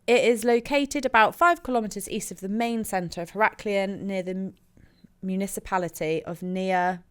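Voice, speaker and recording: A woman's voice: medium pitch, moderate pace, clean tone. Brief: West Country woman, casual podcast co-host, giggly, swears freely, reads facts aloud. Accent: West Country English. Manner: laughing, swearing, reading out facts. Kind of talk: casual chat.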